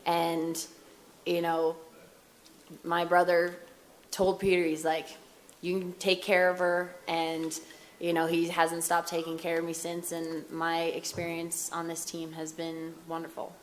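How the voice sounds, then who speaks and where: American woman in her thirties, low steady voice, flat delivery, candid press conference answers. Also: slight background noise. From United States. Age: 30s. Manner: candid, conversational, some fast bursts.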